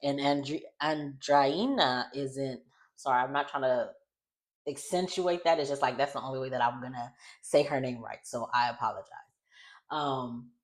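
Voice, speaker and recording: Very low-voiced chatty woman. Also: steady tone, normal speed. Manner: chatty, rambling, self-correcting, laughs often. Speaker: reality show recapper. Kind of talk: casual recap chat.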